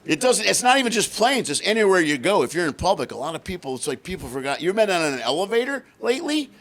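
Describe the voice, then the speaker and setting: A man doing a high-energy stand-up comedy set on stage, acting out voices and shouting punchlines. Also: sing-song, fast, slight background noise. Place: comedy stage before a laughing audience.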